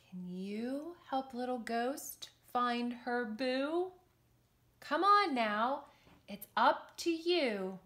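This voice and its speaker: A woman's voice: on the high side, drawn-out words. Sing-song woman reading to children. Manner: expressive, sing-song, encouraging. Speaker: children's yoga and story teacher. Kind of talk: reading a picture book aloud to children.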